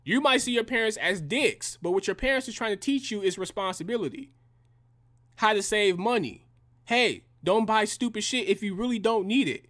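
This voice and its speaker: A man's voice: sits high, moderate pace, a bit bright. A young man delivering a heated, profane and combative reaction rant in slangy language. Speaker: reaction commentator.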